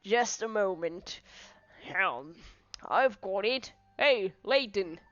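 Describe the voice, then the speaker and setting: A woman's voice: mid-range voice, expressive, takes it slowly, a bit bright, no echo, lo-fi sound. A woman voicing a stern, bossy male police inspector in a video game who barks orders.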